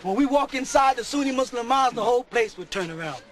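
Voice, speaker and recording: High-pitched, preachy man. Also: expressive, fast, rough recording. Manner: preachy, often shouting and laughing. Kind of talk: sermon to a live audience.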